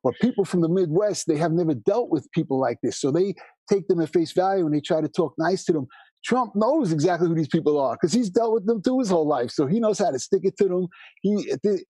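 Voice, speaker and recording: Husky new york guy talking super fast, tons of restarts, dry mic. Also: sits high, no room sound. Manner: fast, animated storyteller with many restarts. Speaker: musician guest. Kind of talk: casual interview chat.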